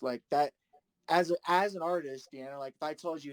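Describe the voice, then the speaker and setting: A man's voice: on the high side, moderate pace, no echo. Laid-back man in a dry room. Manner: laid-back, rambling, laughs often. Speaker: musician guest. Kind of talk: casual chat.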